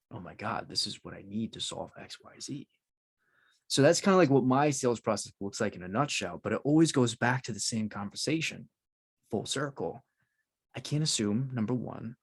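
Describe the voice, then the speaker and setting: A man hosting an interview, explaining his ideas in steady, casual talk with frequent "like"s. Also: on the low side. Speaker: podcast host.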